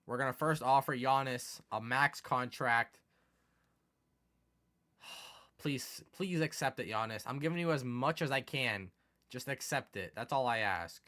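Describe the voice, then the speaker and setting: A young man giving casual commentary over a sports video game, excitable and quick to turn exasperated. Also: medium pitch. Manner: excitable, swings from mumbling to exasperated yelling. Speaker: gaming commentator.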